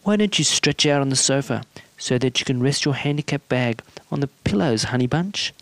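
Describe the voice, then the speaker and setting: A woman's voice: a bass voice, expressive, a little fast, dry recording. A man voicing a simple, doting middle-aged housewife with a pleading, uncertain manner.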